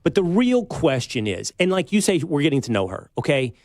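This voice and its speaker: A man's voice: a little high, very animated, fairly quick, darkish tone, no echo, clean studio sound. A man hosting a talk show, talking in a pointed conversational way as he challenges his guest. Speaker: show host.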